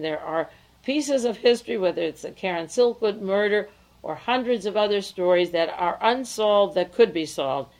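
A middle-aged woman broadcasting earnest, measured news commentary, reading from notes with pauses, on an old home tape. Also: mid-range voice, darkish tone, low-quality recording. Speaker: radio broadcaster.

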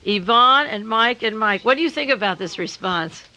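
An older woman hosting a radio talk show during a fundraiser, talking in long, rambling, emphatic runs and slowing down to hammer her points home. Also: a little high, expressive, bright, forceful tone, poor audio. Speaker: radio host.

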